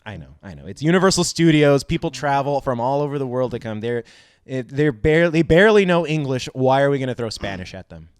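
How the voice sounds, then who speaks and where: A man's voice: mid-range voice, fast, clear, resonant tone, no echo, studio quality. A man co-hosting a podcast in casual chat, telling stories with frequent laughs and casual swearing. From Southern California. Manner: laughs often, swears casually, animated storytelling. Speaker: podcast co-host.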